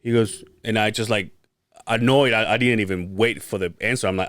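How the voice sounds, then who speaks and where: A man with a fairly low voice tells a rambling, profane story on a podcast and acts out each person's lines. The sound is dry and close, with no room in it. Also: brisk, dry recording. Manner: profane, animated storytelling with acted-out quotes. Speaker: podcast co-host. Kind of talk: casual storytelling chat.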